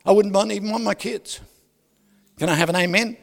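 High-voiced man preaching in an echoey hall. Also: brisk, creaky. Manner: animated preaching with rhetorical questions, swinging from loud to soft. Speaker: pastor. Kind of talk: sermon. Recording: reverberant hall.

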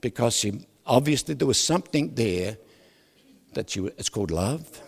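A male pastor preaching a lively sermon, asking the congregation questions and swinging from loud to soft. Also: medium pitch, moderate pace, gravelly, husky. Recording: reverberant hall.

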